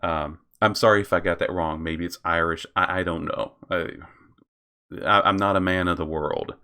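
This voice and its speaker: A man's voice: sits low, steady tone, normal speed, sharp tone, smooth. A man hosting his own commentary channel, reading out posts and reacting with frequent laughter, swearing and stumbles over names.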